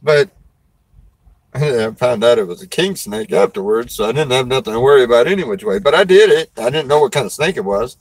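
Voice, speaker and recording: A man's voice: mid-range voice, expressive, a little fast, no echo, rough recording. A man, a preacher and show host, chatting casually in a folksy, rambling way and laughing often. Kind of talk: casual chat.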